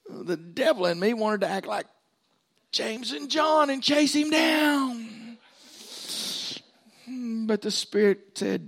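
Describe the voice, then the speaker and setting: Preaching a sermon at a moderate pace, this man has a voice that sits high. His storytelling is animated, and he gives voice to the people in each tale.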